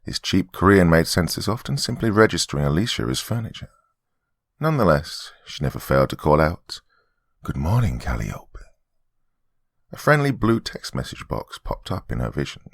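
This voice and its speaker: A man narrating a horror story as host of his podcast, in a dry, measured storytelling manner. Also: sits low, very animated, creaky, no echo.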